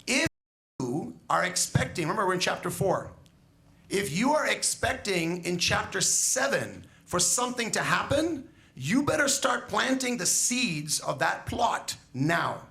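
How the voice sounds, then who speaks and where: A man's voice: high-pitched, very animated, measured pace, vocal fry, pushed and bright. A man who is a school educator, giving a graduation speech in an emphatic storytelling manner, asking the graduates rhetorical questions.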